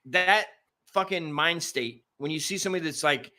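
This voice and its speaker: A middle-aged man casually telling a crude, animated story as a podcast co-host. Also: a little high, normal speed.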